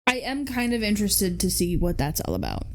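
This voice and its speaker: A woman co-hosting a podcast in a casual chat, animated, laughing and swearing casually. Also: medium pitch, a little fast. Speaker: podcast co-host.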